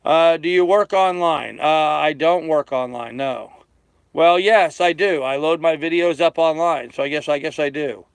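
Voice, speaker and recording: A man's voice: a little high, normal speed, gravelly, clear, resonant tone, dry recording. An older man sailing on a small boat, chatting casually on a live stream as he reads out and answers viewer comments. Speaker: sailing vlogger. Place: aboard a small sailboat.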